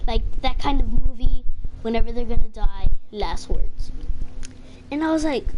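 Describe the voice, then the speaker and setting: A woman's voice: a little high, moderate pace. A woman casually telling a personal story, rambling with lots of fillers and swearing. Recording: noisy home recording.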